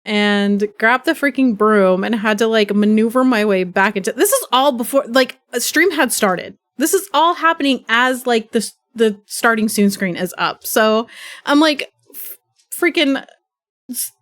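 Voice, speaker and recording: A young woman livestreaming, telling a chaotic story in a rambling, profane, animated way, with a stuffy nose from sneezing. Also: fairly high pitch, unhurried. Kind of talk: casual chat.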